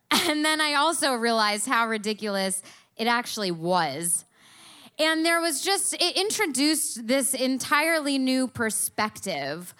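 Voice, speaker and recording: A young woman tells a personal story into a stage mic before a live crowd. Her voice sits high and clear, with a bright edge. She gets animated and salty, acting out every line of dialogue. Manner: animated, swearing, acts out quotes.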